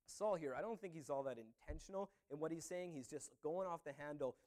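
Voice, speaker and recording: A man's voice: on the high side, a little fast, hardly any pauses, darkish tone. A man preaching a sermon as a pastor, talking in a conversational way with many "you know"s and "uh"s.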